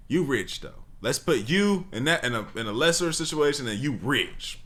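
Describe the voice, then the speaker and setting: Man, co-host, casual slangy chat, low pitch, bright forceful tone. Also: lively intonation, unhurried. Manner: slangy, spins hypothetical scenarios.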